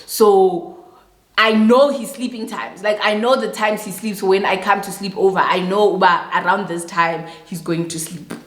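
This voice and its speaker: Young South African woman, lively storytime vlogger, middle-pitched voice, roomy echo. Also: moderate pace. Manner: animated storyteller, acts out quoted voices and mixes in local words. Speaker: YouTuber telling a story. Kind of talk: storytime vlog. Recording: echoey room.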